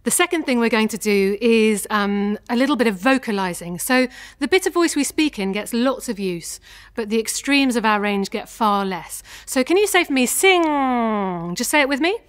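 A woman voice teacher leading a guided vocal warm-up, gentle and encouraging as she demonstrates each sound. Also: on the high side, animated, moderate pace.

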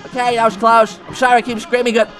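A man voicing an excitable male cat, commenting on a game, yelping and talking back to the bosses. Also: extremely high pitch, fast talker, over music. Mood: excited. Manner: yelps and screams, talks to the bosses. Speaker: let's play gamer.

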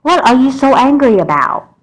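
A calm, firm mother, voiced by a woman in a homemade doll movie. She scolds patiently in a lowish, steady voice, never losing her temper. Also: normal speed, close to an everyday voice, poor audio.

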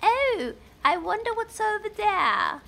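A woman putting on a goofy, squeaky, sing-song voice, drawing out her words. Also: sing-song, slow, creaky, fairly bright tone, exaggerated voice.

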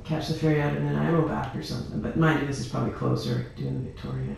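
Low gravelly woman, far off. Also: sing-song, racing, darkish tone. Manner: chatty and friendly. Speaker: cat adopter. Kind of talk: casual chat. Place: indoor room. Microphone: fixed room camera far off. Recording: echoey room, distant mic, faint hiss.

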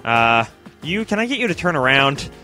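A young man rambles through his gameplay in a loose, joking way. His voice is bright and crisp and sits a bit high. It swings up and down freely as he talks back to the characters on screen. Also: sing-song, moderate pace, soft background music. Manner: chatty, self-mocking, talks to game characters. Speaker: let's play commentator. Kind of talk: casual gameplay commentary.

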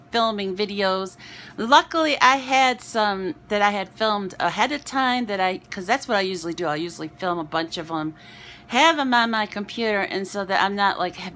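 A woman's voice: mid-range voice, pushed and bright, slight background noise. A woman vlogger chatting casually to her viewers, rambling and self-deprecating, out of breath after dancing. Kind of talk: casual chat to camera.

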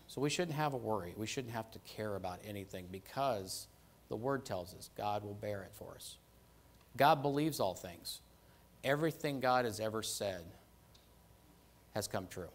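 A man with a fairly low voice preaches a conversational sermon. He stresses and repeats key phrases and keeps checking in with "right?" and "okay?"

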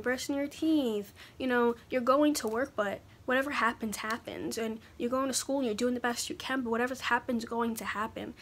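A young woman talking haltingly in a personal confessional vlog, pausing often to collect her thoughts. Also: a little high. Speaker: vlogger.

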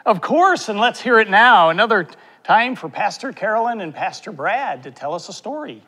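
A man's voice: high voice, big pitch swings, moderate pace, sharp tone, breathy edge, heavily acted. A man voicing a cheerful, wise male puppet in a children's church skit, bouncy and reassuring. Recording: long hall reverb.

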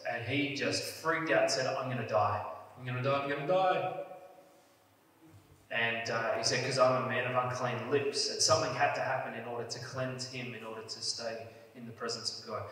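Pastor, male, mid pitch, earnest sermon delivery, picked up from some way off in a very echoey hall. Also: a bit bright. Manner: earnest, builds emphasis on key phrases. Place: church hall. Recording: echoey church hall, mic at a distance.

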